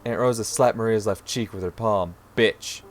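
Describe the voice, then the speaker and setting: A young man streaming a story game, reading narration aloud and breaking into loud, profane reactions. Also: lowish voice, moderate pace, a little hiss or hum. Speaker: gaming streamer.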